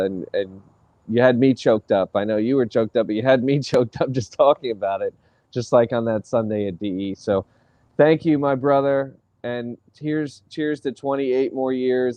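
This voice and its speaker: A man's voice: mid-range voice, dark tone, dry recording. A man hosting a weekly call, speaking in a friendly, casual way with lots of "you know". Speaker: host. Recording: dull dry call audio.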